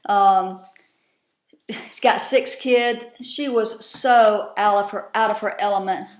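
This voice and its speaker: A woman's voice: mid-range voice, steady tone, takes it slowly, echoey room. A woman casually recapping a TV episode, salty and profane, with drawling asides, at home. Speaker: vlogger recapping a TV show.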